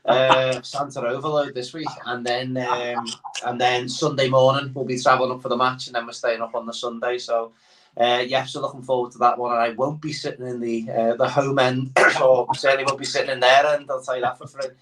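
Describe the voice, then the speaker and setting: A man's voice: medium pitch, little pitch movement, a little fast, noisy background. A man chatting as a guest on a football podcast, rambling with many fillers. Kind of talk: casual football podcast chat. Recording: voice somewhat far from the mic.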